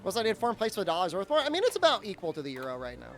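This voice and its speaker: A man's voice: high-pitched, wildly swooping pitch, very fast, a little hiss or hum. A man streaming a game and chatting casually, telling a rambling story full of fillers and restarts. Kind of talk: casual chat during a live game stream.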